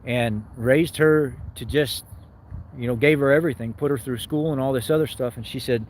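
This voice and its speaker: A man's voice: medium pitch, moderate pace, a little hiss or hum, rough recording. A man vlogging, telling a personal story in a rambling, emotional way, often repeating his words.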